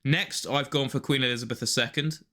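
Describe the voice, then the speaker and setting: A man's voice: mid-range voice, fairly even intonation, fairly quick, bright, forceful tone. A young man co-hosting a casual podcast, chatty and enthusiastic, laughing easily. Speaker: podcast co-host. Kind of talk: casual chat.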